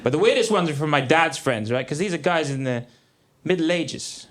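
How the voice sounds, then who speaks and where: A man in his thirties doing a stand-up comedy set on a theatre stage, with a dry, deadpan delivery. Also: fairly high pitch, normal speed. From England. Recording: live theatre with crowd laughter. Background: audience laughter.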